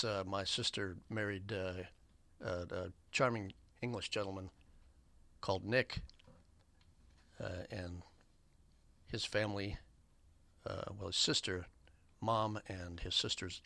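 A man hosting a community radio show, giving rambling shout-outs and station announcements with lots of fillers in an upbeat way. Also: lowish voice, no room sound. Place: radio studio. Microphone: studio microphone.

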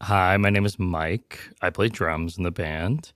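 A man, a drummer guesting on a radio show, talking in a slow, laid-back way. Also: low voice, steady tone, a bit bright, no echo, clean studio sound. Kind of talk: casual radio interview. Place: radio studio.

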